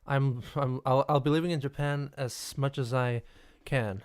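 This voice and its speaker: A man's voice: medium pitch, moderate pace, smooth. A man hosting a casual live stream, rambling and stammering as he reacts to the chat. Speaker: livestream host.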